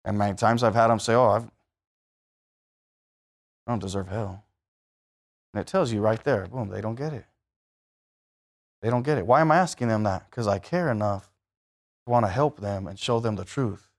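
A man's voice: lowish voice, a little fast. A man, sounding, preaching a sermon in a conversational way that rises to emphatic bursts and puts questions to the listeners.

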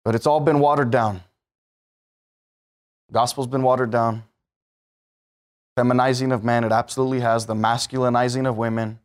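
A man preaching a sermon as pastor, emphatic, swinging between loud peaks and low asides. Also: steady tone, normal speed, long pauses, clear, resonant tone.

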